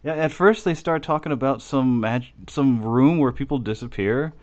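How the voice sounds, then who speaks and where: A man's voice: medium pitch, normal speed, darkish tone. A man co-hosting a casual podcast, rambling and swearing as he talks, with lots of fillers and restarts. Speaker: podcast co-host. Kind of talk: casual chat. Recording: dull lo-fi podcast audio.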